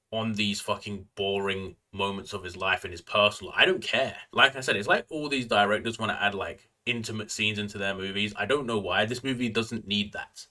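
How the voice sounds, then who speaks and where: A man's voice: lowish voice, pushed and bright. A man giving a casual, opinionated movie review, ranting, with constant fillers and slangy asides. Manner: ranting, filler-heavy, frequent "like" and "bro".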